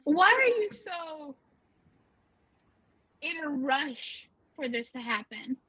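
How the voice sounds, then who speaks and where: A woman's voice: high voice, big pitch swings, slow pace, sharp tone. A woman playing her character in a tabletop game, sassy and challenging. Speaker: player. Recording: dull dry voice-chat line.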